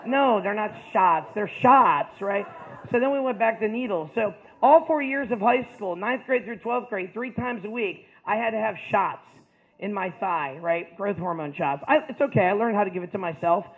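A man with a high voice tells a school audience about his life, joking loudly and then dropping to a quieter, plainer tone. The sound is narrow and tinny, as if carried over a phone line. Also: normal speed. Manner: animated, joking, shifts between loud punchlines and quiet stretches. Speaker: motivational speaker. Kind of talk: storytelling talk to students.

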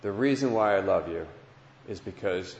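A man voicing a patient, loving father who gently answers his young son, in an echoey hall. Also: sits low, moderate pace, a little hiss or hum. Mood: gentle. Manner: gentle, reassuring. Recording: dull lo-fi sound in echoey hall.

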